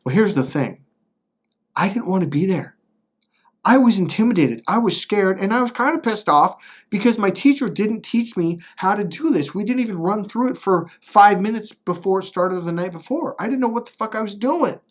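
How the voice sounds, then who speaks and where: A man's voice: high voice, expressive, moderate pace, dull audio. A man telling a personal story in a casual, rambling way, blunt and profane, checking in with "right?" as he goes. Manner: blunt and profane, swearing freely; rambling, with restarts and frequent "right?". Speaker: motivational speaker.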